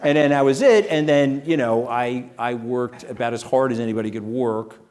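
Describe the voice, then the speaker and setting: A man's voice: medium pitch, moderate pace, a little mellow. Punchy New man telling stories. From New York. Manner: punchy, tags lines with "okay?". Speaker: interview guest. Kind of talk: animated storytelling.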